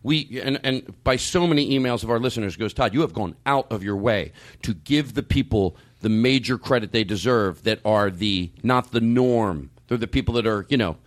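A man hosting a podcast, talking in a halting, rambling way with many restarts and fillers, with a hint of sarcasm. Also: lowish voice. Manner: openly sarcastic at times. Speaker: podcast host. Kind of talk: casual discussion.

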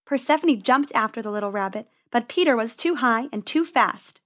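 A woman reading a children's story aloud in a gentle, expressive way. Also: a little high, normal speed.

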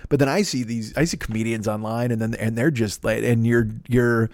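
A man's voice: medium pitch, steady tone, brisk, darkish tone, no room sound. A middle-aged man hosting a comedy podcast, talking in a rambling, profane, self-deprecating monologue full of tangents. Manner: profane, self-deprecating, jumps between tangents and mock voices.

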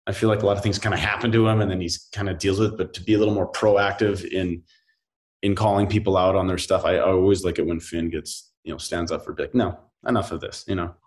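A man's voice: low-pitched, quick pace. Rambling man in his thirties, chatting. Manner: relaxed, rambling with many fillers and quoted asides. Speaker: soap opera actor, guest. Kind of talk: casual interview chat.

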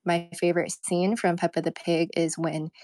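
A woman's voice: fairly low pitch, little pitch movement, moderate pace, a little mellow, dry recording. A young woman co-hosting a casual online talk show, chatting in a rambling way with lots of fillers. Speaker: co-host. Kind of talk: casual chat.

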